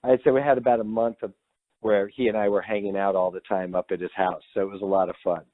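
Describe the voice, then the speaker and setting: A low-pitched man talks as a composer guest in a casual interview, candid and animated, with salty language now and then. His voice comes through a tinny, phone-like line. The sound is dry, with no room echo. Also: quick pace. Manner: animated, candid, swears freely.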